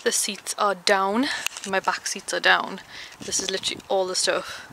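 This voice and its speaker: A woman's voice: medium pitch, flat delivery, normal speed, gravelly, background noise. A young woman chatting casually in a vlog, ranting in an exasperated way and saying "like" often. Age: young adult. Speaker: vlogger.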